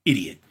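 Sarcastic heckling man, wildly swinging pitch. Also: very noisy. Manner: sarcastic, heckling, mocking, swinging wildly between high and low; laughs often while talking. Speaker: commentator reacting to a debate. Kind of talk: mocking live commentary.

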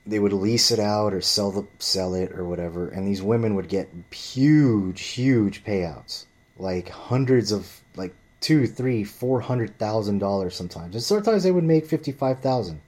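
A man's voice: fairly low pitch, animated, a little slow, darkish tone. A man telling a story in a ranting vlog monologue, blunt and profane, often rambling and restarting his sentences. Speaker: vlogger.

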